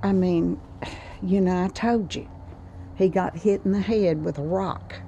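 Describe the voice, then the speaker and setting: An older woman chatting slowly and homely in a casual vlog, outdoors by her cottage patio. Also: fairly low pitch, mellow, lo-fi sound, a little hiss or hum. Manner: slow, homey Southern talk, says "y'all". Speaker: vlogger.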